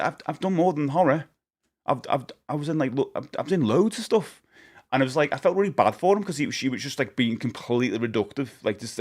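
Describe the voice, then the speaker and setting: Rambling, jokey man streaming. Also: mid-range voice. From United Kingdom. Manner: rambling, jokey, laughs often. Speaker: live-streamer. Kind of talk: casual live-stream chat.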